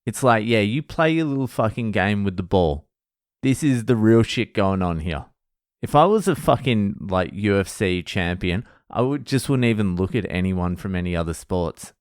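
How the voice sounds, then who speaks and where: A man's voice: on the low side, lively intonation, moderate pace, clear, resonant tone, no echo, studio quality. An Australian man hosting a solo podcast, rambling and self-mocking, with heavy swearing in casual talk. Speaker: podcast host.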